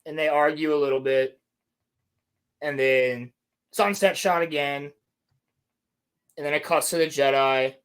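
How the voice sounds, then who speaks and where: Chatty man with a slightly high voice. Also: steady tone, measured pace, pauses often, fairly bright tone, smooth. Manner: rambling, sarcastic plot recap with swearing. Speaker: podcast host reviewing a show. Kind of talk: casual chat.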